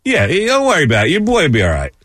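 A man hosting a sports talk radio show, animated, laughing often and acting out movie lines. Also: fairly high pitch, rapid-fire, no room sound, studio quality.

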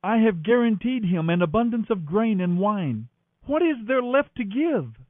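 A man's voice: high-pitched, sing-song, normal speed, no echo, voice pushed up. A man voicing a grave old father who speaks in solemn, formal pronouncements. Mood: troubled. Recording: tinny phone-like line, faint music.

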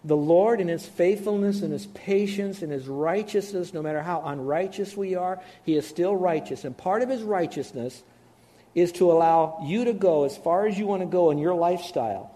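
A man preaching a sermon, animated, acting out the voices of doubters. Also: sits high, moderate pace. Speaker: pastor.

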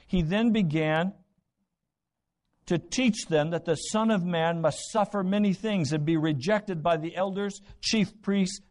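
A pastor with a high, slightly mellow voice preaches a sermon. He retells Bible stories using dramatic voices and rhetorical questions.

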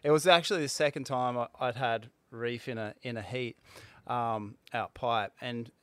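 A man in his forties tells a story in a casual interview, halting and restarting as he goes. His voice is smooth and clear, at a middle pitch. The recording is close and dry. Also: fairly even intonation, no echo. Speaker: guest, former pro surfer.

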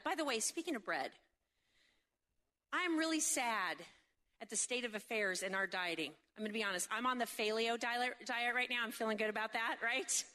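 A woman delivering a humorous sermon in a high, bright voice, animated and jokey, full of quick asides. She keeps checking in with the crowd through rhetorical questions. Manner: seeks agreement with frequent rhetorical questions. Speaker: speaker at a faith event.

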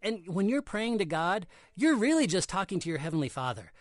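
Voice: mid-range voice, sing-song, a little fast, no room sound. An adult hosting a scripted Christian kids' podcast, earnest and explanatory, slipping in corny jokes. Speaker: podcast host. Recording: dry close studio sound.

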